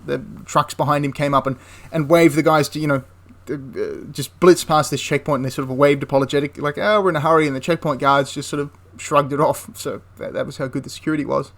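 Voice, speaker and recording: Rambling male history storyteller, higher voice. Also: little pitch movement, a little fast, gravelly, hardly any pauses. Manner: rambling, with frequent restarts and asides. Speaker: history channel host.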